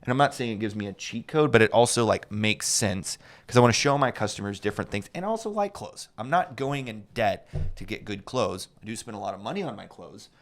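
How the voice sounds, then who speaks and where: A man's voice: fairly low pitch, lively intonation, fairly quick. A man co-hosting a menswear podcast, chatting casually with lots of fillers and restarts. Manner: rambling, many fillers and restarts. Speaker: podcast co-host; menswear salesman. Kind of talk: casual chat.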